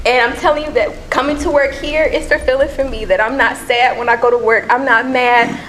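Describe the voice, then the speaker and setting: A woman's voice: high-pitched, slight background noise, low-quality recording. A woman from Cincinnati giving an emotional, nervous public comment at a council meeting, earnest and pleading. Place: council chamber.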